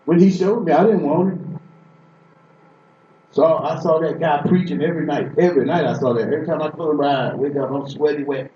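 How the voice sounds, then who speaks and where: Preacher man from Boston, higher voice, emphatic with repeated restarts, echoey hall from far off, dull lo-fi. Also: fairly quick, dark tone, slight background noise. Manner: emphatic storytelling, repetitive restarts. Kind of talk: sermon.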